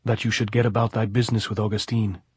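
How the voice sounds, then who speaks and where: A man voicing a tough, coarse middle-aged woman guerrilla in an audiobook, gruff and dismissive. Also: lowish voice, little pitch movement, fast talker, dry recording. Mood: scornful. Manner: gruff, dismissive, bellowing from afar.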